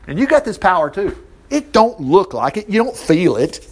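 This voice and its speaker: A man's voice: high voice, normal speed, slightly rough. A man preaching a sermon, reading scripture aloud and stopping to comment on it. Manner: animated, reads verses and breaks in with asides. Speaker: Baptist preacher.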